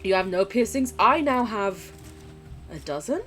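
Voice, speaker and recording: A woman's voice: medium pitch, lively intonation, a little slow, faint music behind. A woman live streamer chatting casually with her viewers while gaming, swearing freely and gushing affection.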